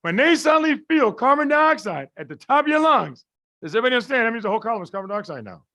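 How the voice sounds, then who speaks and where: A man's voice: very high voice, sing-song, rapid-fire, sharp tone. A man teaching a live class, often asking rhetorical questions and checking that everyone understands, with folksy, colloquial phrasing. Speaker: medical lecturer.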